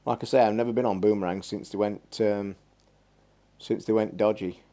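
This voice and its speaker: Man, mellow dark tone, blunt, sweary, rambling stream chat. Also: on the low side, fairly even intonation, moderate pace. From England. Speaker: gaming stream host. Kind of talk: casual live-stream chat.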